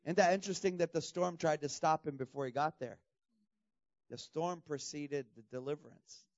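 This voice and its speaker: Animated man preaching a sermon. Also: fairly high pitch, normal speed, no echo, muffled recording. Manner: animated, laughing, bursts into loud shouts when imitating. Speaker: pastor. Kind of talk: sermon to students.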